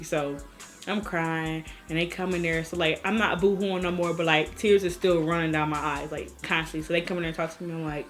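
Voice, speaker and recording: A young woman, telling a story in a casual vlog and acting out the people in it. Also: low-pitched. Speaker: vlogger.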